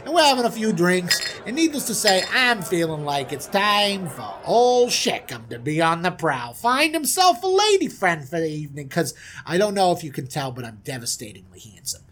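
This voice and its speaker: A man's voice: sits high, wildly swooping pitch, moderate pace, a bit bright, a little hiss or hum, heavily acted. A man voicing a boastful young prince who talks like a mob boss, brash and schmoozing. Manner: brash, schmoozing, self-satisfied.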